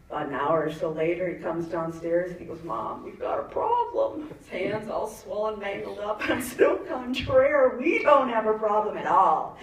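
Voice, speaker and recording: A woman's voice: lowish voice, darkish tone, a little hiss or hum. A woman in her fifties doing a chatty stand-up set, laughing at her own jokes and asking the crowd questions. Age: 50s. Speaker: stand-up comedian. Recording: echoey venue, mic far off, faint ambience.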